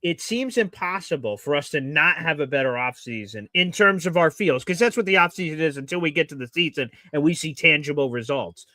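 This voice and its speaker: A man hosting a casual sports talk show, animated and jokey. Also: on the high side, fairly quick, hardly any pauses, no echo. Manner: animated, jokey, mimics fans. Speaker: podcast host.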